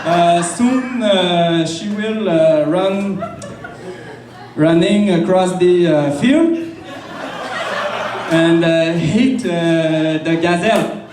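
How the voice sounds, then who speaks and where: A man doing a halting nature documentary narrator with a thick Quebec French accent, stumbling over every phrase with "uh". The delivery is loud, and the sound comes from afar in a roomy club. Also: sits high, far from the mic, noisy background. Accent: Quebec French put-on. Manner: halting, full of "uh".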